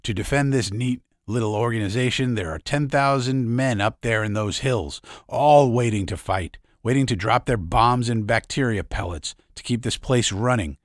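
A man voicing a tired, grim middle-aged father who speaks quietly and wearily. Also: mid-range voice, moderate pace, few pauses, dry recording, studio quality, close to an everyday voice. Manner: quiet, weary.

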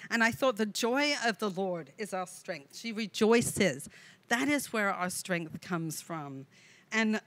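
Woman leading a women's Bible study, earnest, reads verses with warm asides, dry close mic. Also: medium pitch, no room sound. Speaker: women's ministry leader. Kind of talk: devotional Bible teaching to women. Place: online video session with a co-host.

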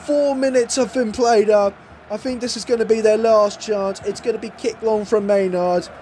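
A young man giving excited commentary on his own football video game match, swinging between mock commentator lines and exasperated, mildly sweary outbursts. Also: high voice, normal speed, slight background noise. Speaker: gaming YouTuber.

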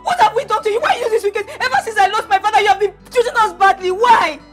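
An actress with a Nigerian accent playing a desperate young woman who pleads tearfully with her uncle and breaks into shouting. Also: very high-pitched, fast talker, faint music behind. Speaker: desperate daughter. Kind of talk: Nollywood film drama.

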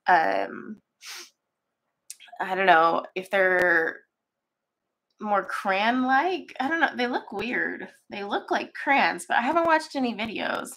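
A woman's voice: mid-range voice, lively intonation, slow pace, fairly bright tone. A woman hosting a casual coloring livestream from her home art studio, chatty and rambling with many ums, her voice stuffy and congested, on a webcam mic. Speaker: coloring channel host.

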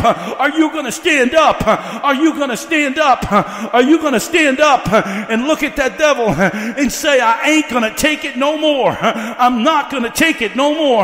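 A man's voice: very high voice, fairly bright tone. A male evangelist preaching a fiery revival sermon, breaking his lines with "uh" and building by repeating the same questions. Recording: echoey hall.

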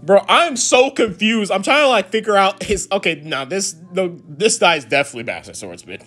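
A young man streaming a casual comic read-along, excitable, swearing and laughing often. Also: sits high, brisk, soft background music.

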